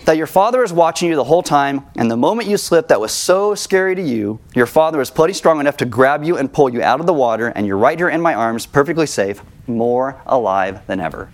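A steady young dad talks his scared little girl down, gentle but firm, as a preacher voices him. The voice stays close to the speaker's own, slightly raised. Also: medium pitch, a little fast, hardly any pauses, natural voice. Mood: tender. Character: reassuring young father calming his daughter.

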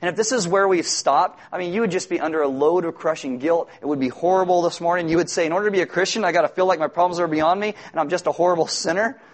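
A man preaches in a relaxed, conversational tone, poking fun at himself before circling back to repeat his key points with emphasis. His speaking voice sits a little high for a man. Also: fast, few pauses. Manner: conversational, self-deprecating, emphatic repetitions. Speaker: pastor. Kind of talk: sermon.

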